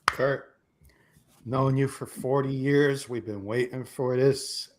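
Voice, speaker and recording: A man's voice: mid-range voice, steady tone, takes it slowly. Man, middle-aged, co-host, emotional, heartfelt, choked up. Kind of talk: emotional live show talk.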